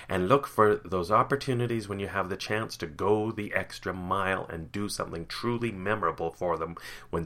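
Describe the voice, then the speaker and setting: A man's voice: fairly low pitch, sharp tone. Upbeat man hosting a tips podcast. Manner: upbeat, playful, jokey delivery. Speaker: podcast host. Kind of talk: scripted workplace tips podcast.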